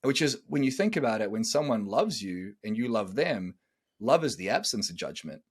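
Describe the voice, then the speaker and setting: A man's voice: on the low side, big pitch swings, normal speed, husky. A man, hosting a podcast as a relationship coach, talking bluntly and acting out different tones of voice. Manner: blunt, emphatic, acts out tones of voice. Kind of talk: casual podcast conversation.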